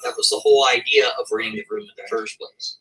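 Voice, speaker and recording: Male storyteller, casual and animated, highly expressive pitch, checks in with the listener often. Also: fast, poor audio. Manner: animated, keeps asking the listener "right?".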